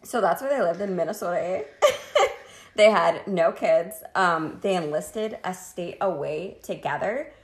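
Woman co-host, lowish gravelly voice, crude jokey storyteller, a bit tipsy, echoey room. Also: expressive, slow pace. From Washington state, US. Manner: crude, jokey, laughs often. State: tipsy from wine. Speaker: podcast co-host telling a history story. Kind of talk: casual chat.

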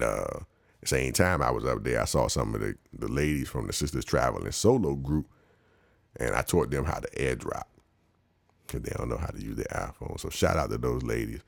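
A man casually telling a travel story in a slangy, animated way, laughing often and acting out the people he met. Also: extremely low pitch, vocal fry, no echo. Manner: slangy, conversational.

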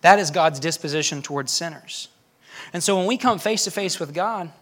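A man's voice: a little high, normal speed, fairly bright tone. A young man preaching a sermon in a church, impassioned and repeating phrases for emphasis. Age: young adult.

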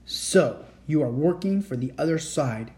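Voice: medium pitch, expressive, measured pace, mellow, close to an everyday voice. A reader doing a curt, stern officer. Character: stern, cold male wartime officer.

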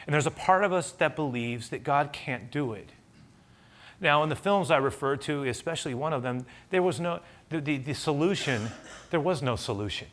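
A man's voice: fairly high pitch, animated, moderate pace. Man preaching a conversational sermon. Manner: conversational preaching, asides and rhetorical questions. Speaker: pastor.

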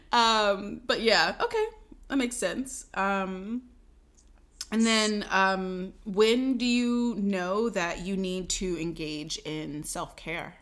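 Bright-toned woman interviewer, animated. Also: medium pitch, drawn-out words. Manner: friendly, animated, laughing asides. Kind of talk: casual interview chat.

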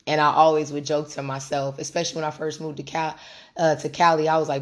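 A woman in her late twenties with a deep, hoarse voice, hosting a casual spiritual podcast, candid and profane as she speaks straight to listeners. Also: flat delivery, quick pace. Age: late 20s. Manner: candid, profane, conversational, addresses listeners directly. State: hoarse, recovering from lost voice. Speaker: podcast host and tarot reader.

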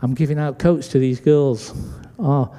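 Man, pastor, sermon story, dark mellow tone, long hall echo. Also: medium pitch, measured pace. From Britain. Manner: animated storyteller acting out dialogue. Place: church sanctuary. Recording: long church hall reverb.

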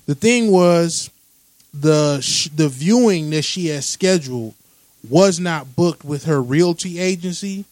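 A man in casual chat, recounting a news story in a measured way with street slang. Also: a little high, a little mellow, no room sound.

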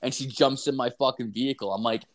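A young man, rambling and profane, telling an animated anecdote in casual chat with filler words everywhere. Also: medium pitch, quick pace. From Canada. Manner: animated, acts out voices in anecdotes.

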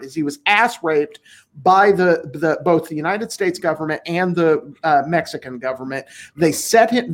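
A man co-hosting a casual political podcast, talking bluntly and emphatically with frequent swearing. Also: a little high. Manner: blunt, profane, emphatic, laughs often. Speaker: podcast co-host.

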